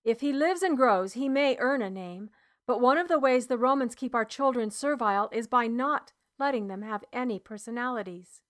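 Woman doing a tired old-world healer guy, grave n earnest, higher voice. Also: moderate pace, lightly acted. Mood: grave, weary. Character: weary male tribal healer serving the Romans, grave. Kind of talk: audiobook character reading.

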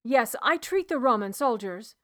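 Woman doing a tired old-world healer guy, grave n earnest, higher voice. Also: expressive, moderate pace, close to an everyday voice. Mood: grave, weary. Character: weary male tribal healer serving the Romans, grave. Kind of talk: audiobook character reading.

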